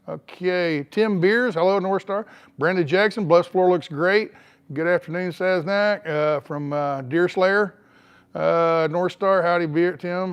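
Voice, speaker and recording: A man's voice: high-pitched, unhurried, smooth. Rambling older man chatting outdoors. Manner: rambling, drawling, lots of uh fillers. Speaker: vlogger reading live chat. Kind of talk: casual live-stream chat.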